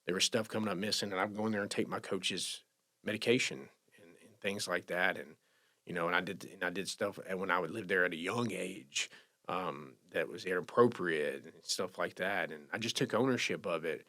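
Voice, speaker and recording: A man telling a personal recovery story in casual talk, halting and emotional, with many restarts. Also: low-pitched, sharp tone. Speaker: podcast guest sharing recovery story.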